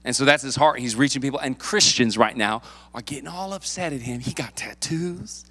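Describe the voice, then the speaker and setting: A male pastor preaching a sermon, lively and playful, acting out the people in the story. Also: mid-range voice, fairly quick. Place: church sanctuary. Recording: long hall reverb.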